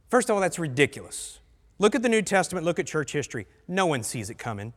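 Blunt high-voiced man preaching in a reverberant hall. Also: very animated, brisk. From United States. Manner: blunt, conversational preaching with asides to the congregation. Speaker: pastor. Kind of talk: sermon. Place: church sanctuary.

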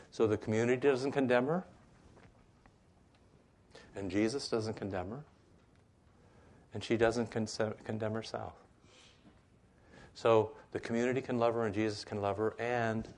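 Conversational, lower-voiced male pastor. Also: a little mellow. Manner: conversational, frequent rhetorical asides, acts out voices. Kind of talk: conversational Bible study teaching.

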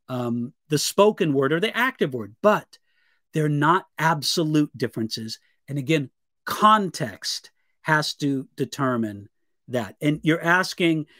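High-voiced man, a pastor, answering questions. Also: a bit bright, no room sound, clean studio sound. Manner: earnest, measured, reads viewer questions aloud. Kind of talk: live Q&A teaching.

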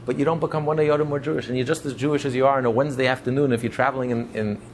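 A man's voice: medium pitch, fairly even intonation, very fast, a little hiss or hum. A man preaching as a rabbi in an impassioned sermon, piling up repeated phrases for emphasis. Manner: repetitive, building emphatic lists.

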